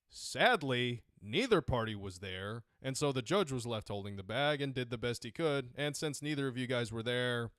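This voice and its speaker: A man's voice: medium pitch, expressive, normal speed, hardly any pauses, fairly bright tone, no echo, clean studio sound. A man on a podcast casually retelling court cases, rambling, correcting himself and dropping sarcastic asides. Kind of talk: casual chat.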